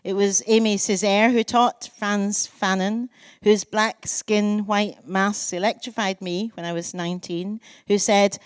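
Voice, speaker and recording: A Scottish woman in her sixties, a poet giving a public lecture, telling lively, self-mocking stories and savouring lists. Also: mid-range voice, a little slow, clean tone, dry recording. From Scotland. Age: 60s. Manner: lively storytelling, self-mocking asides, lists delivered with relish. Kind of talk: public lecture with anecdotes and readings.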